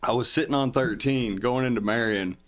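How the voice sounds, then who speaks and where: Speaking quickly at a medium pitch, this podcast guest spins out a long story in casual talk. He rambles, and his voice rises when he plays the parts of the other people involved.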